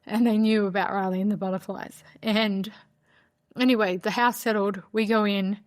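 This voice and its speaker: A woman's voice: mid-range voice, fairly even intonation, normal speed. A woman hosting a podcast, telling a personal story in a candid, conversational way, with a lot of "like" and a heartfelt tone. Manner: candid, conversational, frequent "like" fillers. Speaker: podcast host.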